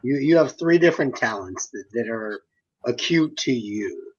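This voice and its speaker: A man hosting a podcast, asking a guest questions haltingly and repeating words. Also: mid-range voice, lively intonation, slightly rough, lo-fi sound. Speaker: podcast host. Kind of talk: casual interview questions.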